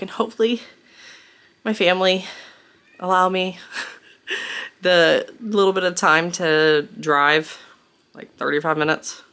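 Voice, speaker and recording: A woman's voice: on the low side, fairly bright tone. A woman reviewing books in a casual, chatty vlog, gushing and rambling with plenty of fillers. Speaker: book reviewer.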